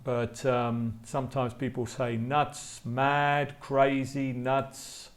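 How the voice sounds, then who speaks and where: Guy teaching online, super slow, says every word twice, keyboard typing behind. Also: medium pitch, level tone. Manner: slow, drawn-out, repeats words for learners. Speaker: English teacher. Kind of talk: live online class.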